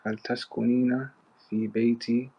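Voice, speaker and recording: A man's voice: mid-range voice, flat delivery, quick pace, breathy edge. A man answering as a student in a live class, unsure and correcting himself. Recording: muffled lo-fi line with faint noise.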